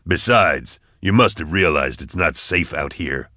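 A curt soldier who snaps out short, clipped orders in a low, firm voice, as a deep-voiced male narrator puts him on. The reading is dry and close, like a storybook. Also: expressive, measured pace, pushed and bright, no room sound, full character voice. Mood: irritated.

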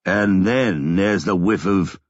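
A man's voice: low-pitched, slow, no echo, lo-fi sound. A man voicing a smug, menacing government official who sneers and slips into East End slang.

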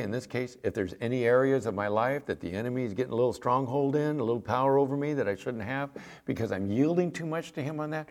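A man's voice: medium pitch, fast talker, a little mellow. A middle-aged man preaching a sermon, talking in a conversational, folksy way and telling stories from his own life. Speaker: pastor.

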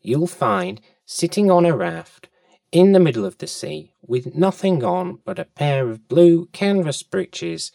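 A man voicing a small, crafty male fish in a storybook reading, speaking in a small soft voice with formal, wheedling courtesy. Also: a little high, expressive, a little slow, gravelly, no room sound, clean studio sound, distant mic, voice pushed up. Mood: sly, coaxing.

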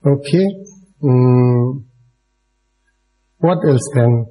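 A man's voice: mid-range voice, drawn-out words, warm tone, soft background music, low-quality recording. A man giving a dharma talk to a live audience in non-native, broken English, speaking directly to his listeners and chuckling often. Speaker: Buddhist dharma teacher.

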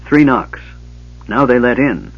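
A man's voice: medium pitch, lively intonation, slow, soft background music. A man voicing a bossy little female gully dwarf who speaks in broken grammar. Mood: indignant. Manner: broken grammar, demanding and indignant. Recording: dull lo-fi audiobook recording.

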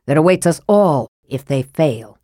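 A woman reads a sickly young male wizard in a low, hushed register. He is cold and scathing. The sound is dry and close to the mic. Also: expressive, a little slow, no echo.

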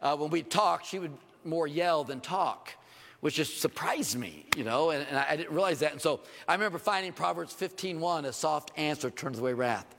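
A middle-aged male pastor preaching a sermon, animated, acting out quoted voices with sudden jumps in pitch. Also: normal speed, gravelly, slight background noise. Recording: long reverb of a large hall.

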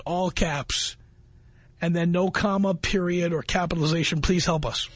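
A man's voice: on the high side, steady tone, unhurried, no room sound. A man hosting a talk radio show, reading a listener's message aloud and mocking it with sarcastic scolding.

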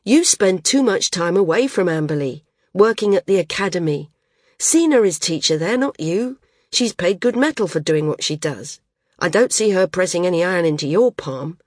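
A woman's voice: fairly low pitch, lively intonation, moderate pace, darkish tone, no room sound. Woman voicing a male flyer, lean, stubborn, cheerful, earnest, argumentative, dry close audiobook sound. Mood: teasing. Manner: earnest, argumentative dialogue reading.

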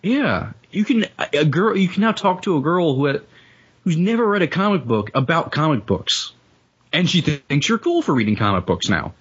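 A man's voice: fairly high pitch, big pitch swings, normal speed, fairly bright tone, breathy edge. A young man in a casual group chat, ranting heatedly and swearing often. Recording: muffled lo-fi recording.

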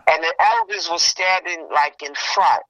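A woman chatting casually with a friend, telling a story in an animated way and acting out what people said. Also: fairly low pitch, unhurried. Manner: animated storytelling, acts out quoted exchanges. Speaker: friend in a phone chat. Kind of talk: casual gossip about a funeral. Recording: muffled lo-fi sound.

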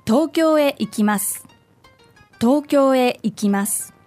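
A woman's voice: high-pitched, moderate pace, a little mellow. A woman co-hosts a language podcast. She models each phrase carefully and repeats it for learners, then answers questions in short sentences. Faint music sits behind her. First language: Japanese. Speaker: podcast co-host and native-speaker model.

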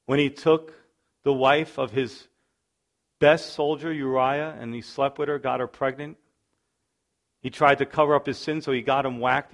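A middle-aged man preaching a sermon in a voice of middling pitch. He tells the story with drama, acting out the people in it. His volume climbs to loud bursts and falls to quiet asides. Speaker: pastor.

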